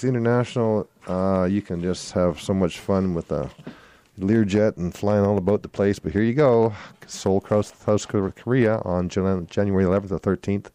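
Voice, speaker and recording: A man's voice: on the low side, dark tone, no echo. A man hosting a swing music radio show, reading event listings in a rambling way and correcting his own slips. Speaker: radio host. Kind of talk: casual radio announcements.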